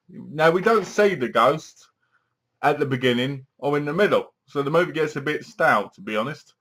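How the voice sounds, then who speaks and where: A man's voice: medium pitch, lively intonation, moderate pace, a bit bright. A man giving a casual, rambling film review, leaning on filler words and restarts.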